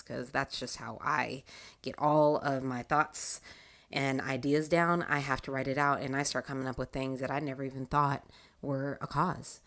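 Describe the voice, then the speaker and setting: A woman hosting a casual faith talk show, telling a personal story in an animated way and laughing often. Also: low-pitched. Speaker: podcast host.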